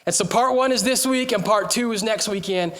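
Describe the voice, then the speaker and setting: A young man's sermon in a raised, high-pitched voice, breezy and conversational as he jokes with the congregation. He sometimes lifts his voice to a shout to get the room to answer. He speaks as a pastor addressing his church. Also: brisk.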